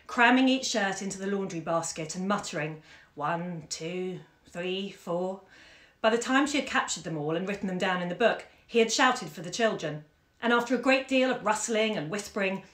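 A woman hosting a live-streamed story reading from home, chatty and expressive with fillers. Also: mid-range voice. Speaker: bookshop owner and host. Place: home during lockdown. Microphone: phone camera. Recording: echoey room.

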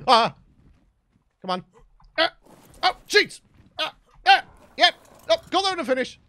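A young British man commentating his own gameplay with a bright, edgy tone. His fairly high voice swoops wildly up and down as he chatters and bursts out in excitement, like a let's play host talking straight to his viewers. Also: measured pace, dry recording. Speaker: gaming channel host.

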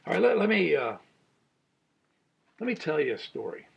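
A man's voice: fairly high pitch, big pitch swings, moderate pace, creaky, slightly rough, dull audio. A man in his sixties, a pastor, giving an earnest Bible study sermon with a personal story, chuckling as he tells it.

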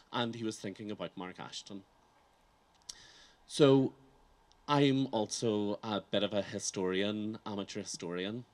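Earnest man speaking outdoors. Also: on the low side. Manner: earnest, reflective, with rhetorical questions. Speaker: campaign organiser giving a speech. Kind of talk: public ceremony speech. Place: outdoor ceremony.

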